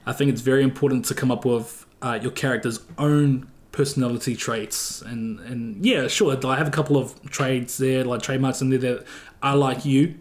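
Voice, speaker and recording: A man's voice: mid-range voice, fairly even intonation, normal speed. Laid-back New Zealand man, rambling chat. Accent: New Zealand, West Auckland. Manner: laid-back, rambling, heavy use of filler "like". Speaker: guest streamer. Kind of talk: casual podcast chat.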